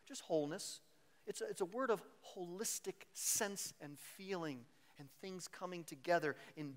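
Animated male pastor preaching a sermon. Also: sits high. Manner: animated preaching that acts out worried inner voices.

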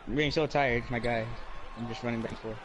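A man's voice: mid-range voice, fairly even intonation, quick pace, background noise. A young man chatting casually during a game stream, teasing and joking with teammates. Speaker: gamer.

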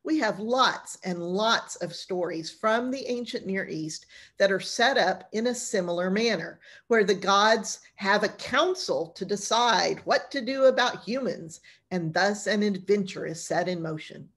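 A woman's voice: medium pitch, unhurried, hardly any pauses, fairly bright tone. A woman pastor teaching an informal Bible class, retelling stories in a chatty, colloquial way.

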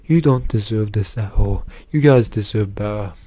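A man's voice: lowish voice, normal speed, dark tone. An exhausted man rambling through an unscripted vlog, repeating himself and mocking himself as he goes. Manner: rambling, repetitive, self-mocking. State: exhausted, worn out. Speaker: YouTuber.

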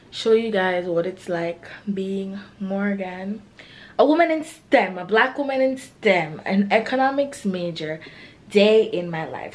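A woman's voice: medium pitch, slight background noise. A young woman, a college student, chatting casually to camera in a vlog, full of "like" and a little self-conscious. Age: young adult. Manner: chatty, peppered with "like".

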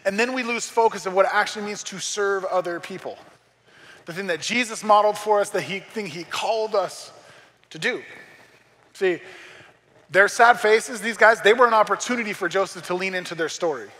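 High bright-voiced man preaching in a hall. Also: brisk. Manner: conversational preaching with joking asides. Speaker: pastor. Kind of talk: sermon. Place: church sanctuary.

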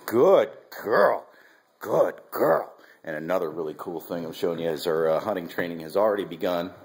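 Brief: low, husky male vlogger, casual and rambling, restarts often. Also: little pitch movement, quick pace, a little mellow. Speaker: dog trainer vlogger. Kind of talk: casual instructional vlog. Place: at home, then outdoors with a dog.

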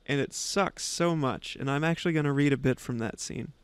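A man's voice: medium pitch, a little fast, smooth, dry recording. A young man hosting a book vlog, retelling a story in a rambling, informal way and reading passages aloud. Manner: rambling, informal, swears lightly. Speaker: book vlogger.

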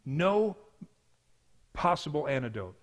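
A man preaching a sermon as pastor, telling a story with swings from hushed to loud. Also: a little high, big pitch swings, slow.

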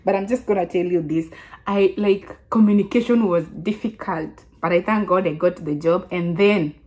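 A Kenyan woman in her twenties telling a casual story to her vlog audience, chatty and animated, often restarting her sentences. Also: lowish voice, moderate pace. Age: 20s. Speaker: vlogger.

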